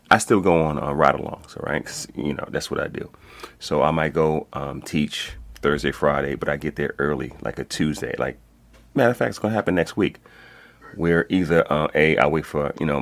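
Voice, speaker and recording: A man speaks in an extremely low, booming register. He talks as a guest in a lively, streetwise way, tossing in curses and checking in with his listener. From Brooklyn, New York. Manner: animated, streetwise, swears freely, many "you know what I'm saying". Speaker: guest, code enforcement instructor. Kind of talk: casual interview talk.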